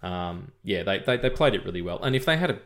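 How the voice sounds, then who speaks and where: A man's voice: low voice, animated, fast, a bit bright. A man in his thirties co-hosting a casual film podcast, rambling with many fillers and swearing. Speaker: podcast co-host.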